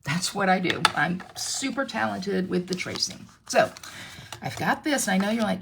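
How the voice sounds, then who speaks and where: A woman's voice: mid-range voice, lively intonation, moderate pace, vocal fry, fairly bright tone, slightly rough. A middle-aged woman with an American accent, chatting in a self-deprecating way as she demonstrates card-making in a live tutorial. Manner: chatty, self-deprecating, talks while crafting. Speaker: stamping demonstrator.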